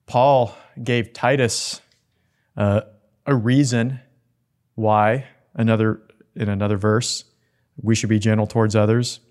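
A man preaching a sermon in an earnest, gentle way, with soft asides. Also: on the low side, fairly even intonation, measured pace, long pauses.

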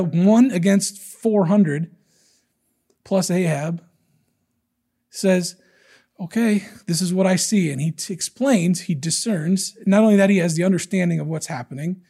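A male preacher with a high, husky voice, delivering a lively sermon. He jumps between explaining verses and acting out the characters' lines with swings in pitch and loudness. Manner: animated, acts out quotes from scripture in different voices.

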